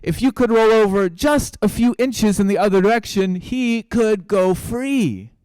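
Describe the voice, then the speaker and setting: A man's voice: big pitch swings, normal speed, no room sound. A man doing a small, earnest mouse. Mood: shouting up. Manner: shouts upward, high and drawn out. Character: small polite male mouse, helpful and earnest.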